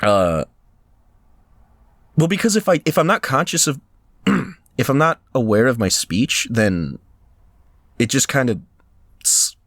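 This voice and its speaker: A man co-hosting a casual podcast chat, animated, laughing often and slipping into mock voices. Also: mid-range voice, takes it slowly, pauses often, no echo, clean studio sound. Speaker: podcast co-host.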